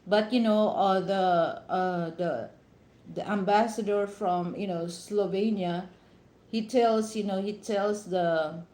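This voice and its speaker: Filipino woman, vlogger, slow unhurried talk, advice full of you-knows, echoey room. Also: mid-range voice, darkish tone. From Philippines. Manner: advising, heavy "you know" fillers. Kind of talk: casual live-stream talk to viewers.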